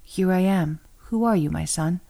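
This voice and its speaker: Woman reader doing an old blind father, solemn and measured, low warm voice. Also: gravelly. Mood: questioning.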